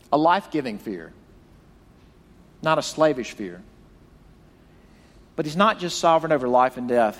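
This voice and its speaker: A man's voice: medium pitch, in a large hall. A male pastor preaching a sermon, retelling a story dramatically and acting out the quoted voices.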